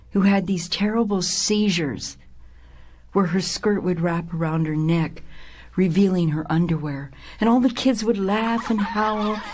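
A woman's voice: mid-range voice, background noise. An older woman telling her own life story with feeling, now and then dropping to a whisper for weight. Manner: emotional, dramatic, drops to a hushed whisper. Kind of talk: personal life story told to an audience.

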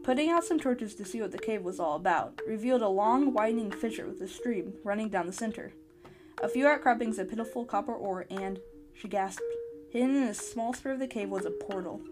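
A podcast host reading a short adventure story aloud in an eager storytelling manner. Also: female voice, mid-range voice, expressive, brisk, music in the background. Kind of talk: storybook narration.

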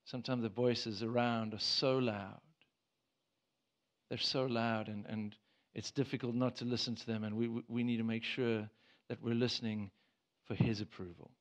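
A pastor delivers an earnest sermon in church, his mid-range voice level and moderately paced, with many restarts and occasional emphatic bursts. The service recording sounds dull.

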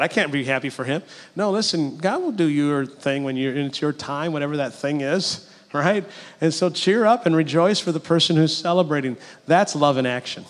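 A man's voice: a little high, a little fast. A middle-aged man preaching a sermon in a conversational, storytelling way, full of asides. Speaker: pastor. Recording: long hall reverb.

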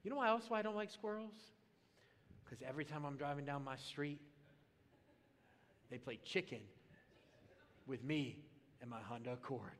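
A man preaching a sermon as pastor, animated and comic, swinging into loud excited bursts. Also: fairly high pitch, normal speed, pauses often. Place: church auditorium. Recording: long reverb of a large hall.

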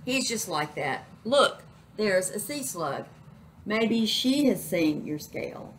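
A woman's voice: medium pitch, expressive, slow, slight background noise. A woman doing an eager firefly squid. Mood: helpful. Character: helpful, brave male firefly squid.

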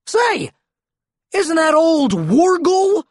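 A storybook reader voicing a friendly, excited male dinosaur with cheerful, high-pitched exclamations. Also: fairly quick, husky, no room sound, studio quality.

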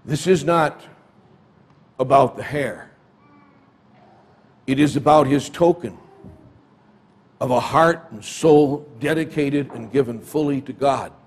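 A man's voice: medium pitch, slow pace, pauses often. A man preaching a sermon in a church, retelling a story dramatically. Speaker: pastor.

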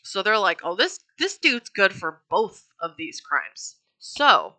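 A woman's voice: mid-range voice, huge pitch swings, takes it slowly, bright, forceful tone. Chatty woman telling true crime. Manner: chatty, profane, wry asides with laughs. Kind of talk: casual true crime storytelling. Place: home.

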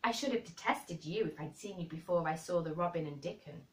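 A woman's voice: on the low side, slight background noise, close to an everyday voice. A woman voicing a blunt, plain-spoken girl who talks frankly and earnestly. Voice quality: frank and brisk. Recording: roomy and distant.

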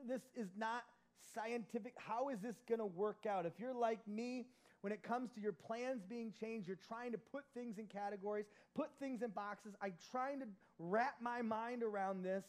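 A man preaching a sermon as lead pastor, animated, moving between loud emphasis and soft, close passages. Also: high-pitched, normal speed, rough recording. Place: church.

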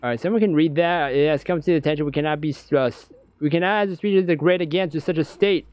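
A man streaming a horror game, giving excitable, jokey commentary and talking to himself. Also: on the high side, fast, no echo, muffled recording. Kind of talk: let's play commentary.

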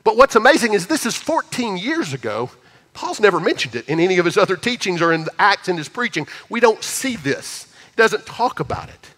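A man preaching a sermon as a pastor, talking in a conversational way and reading scripture with emphatic swings between loud and soft. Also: high-pitched, very animated, fairly quick, in a large hall. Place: church auditorium.

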